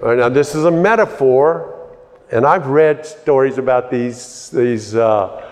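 A man preaching a sermon, conversational at first and building to emphatic high points. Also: unhurried, darkish tone. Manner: conversational, rising to emphatic peaks. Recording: long reverb of a large hall.

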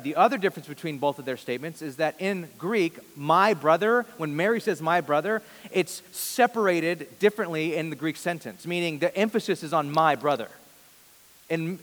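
A man preaching a sermon as a pastor. He reads scripture quietly and grows more intense when he voices questions. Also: fairly high pitch. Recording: long reverb of a large hall.

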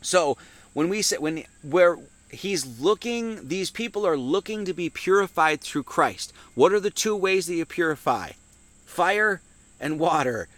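Speaking a little slowly, a man with a high, somewhat bright voice and lively intonation leads a conversational Sunday Bible teaching. He answers his own questions and reads verses with rising emphasis. No echo is audible.

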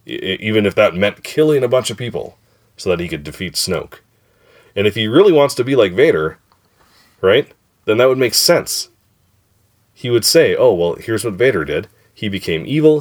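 A man hosting a podcast in casual chat, thinking aloud and hedging as he circles back on his ideas. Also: deep voice. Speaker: podcast host.

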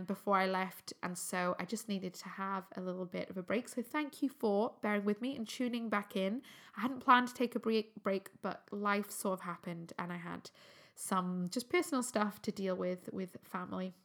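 A woman's voice: mid-range voice, fairly bright tone. A young adult woman from England hosting her own health podcast, chatting upbeat and casual with frequent ums. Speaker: podcast host. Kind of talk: solo health podcast chat.

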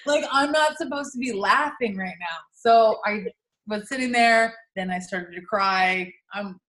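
A woman's voice: medium pitch, a little slow, reverberant. A woman telling a personal story in casual chat, laughing and acting out what people said. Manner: animated, laughing storytelling with voiced quotes.

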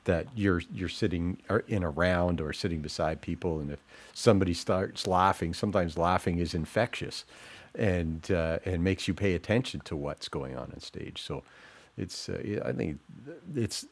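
A man with a very deep voice co-hosts a relaxed conversation about events. He talks in an easy, chatty way and drops in jokey asides. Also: normal speed. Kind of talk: casual interview chat.

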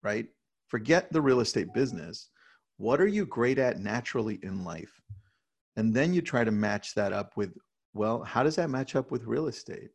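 Casting: man, gravelly mid voice, chatty real estate team leader, keeps checking in with "right?". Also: mid-range voice, normal speed. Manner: energetic storyteller, many "right?" tags. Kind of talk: casual interview talk.

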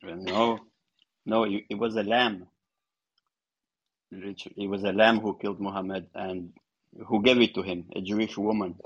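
A male caller in a casual discussion who talks haltingly, repeating words and using fillers. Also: on the low side, flat delivery, husky, lo-fi sound.

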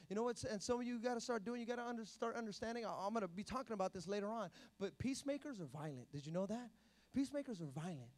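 A male preacher giving an animated sermon, swinging between hushed and loud delivery. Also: high voice, rapid-fire.

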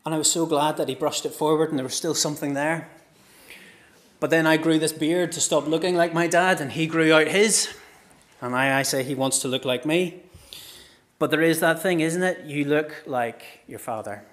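Delivering a sermon, a middle-aged pastor tells stories with passion, shifting between loud cries and hushed phrases. His voice is a little high and moves at a normal speed.

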